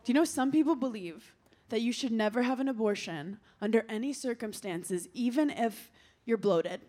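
A woman's voice: fairly high pitch, normal speed. A young woman doing a stand-up comedy set, brash and playful, laughing through her punchlines. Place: comedy stage before a live audience. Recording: loud live crowd and noise.

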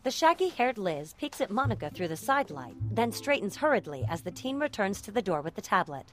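A woman calmly narrating scene description for a drama. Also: medium pitch, a little fast, soft background music. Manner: calm, even-paced scene description. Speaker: audio describer. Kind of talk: scripted narration.

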